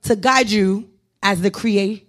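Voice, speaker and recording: A woman's voice: mid-range voice, a little slow, fairly bright tone. Woman pastor preaching conversationally. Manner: conversational, self-deprecating preaching with playful asides; urgent exhorting delivery. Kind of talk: sermon.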